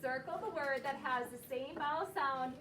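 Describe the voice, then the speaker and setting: Speaking at a moderate pace in a high voice, a woman leads her second graders through phonics, patiently cueing and questioning them. The audio comes from a distant camera, so the classroom sounds echoey and carries room noise.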